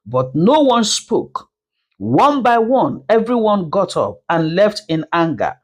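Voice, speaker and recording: A woman narrating a dramatic story in an expressive storytelling manner. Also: mid-range voice, slow pace.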